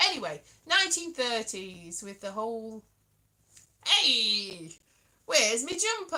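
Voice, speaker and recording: A woman's voice: high voice, bright, forceful tone. A middle-aged woman chatting casually on her own to camera, rambling and playful, sometimes slipping into sing-song asides. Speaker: vlogger. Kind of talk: casual solo chat to camera.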